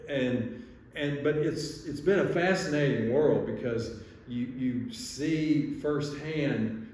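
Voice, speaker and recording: A man's voice: medium pitch, a little mellow. Man telling rambling stories in an echoey room. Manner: rambling, chuckling, many restarts. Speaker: podcast host, surgeon. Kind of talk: casual chat, storytelling. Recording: echoey room, distant mic, faint noise.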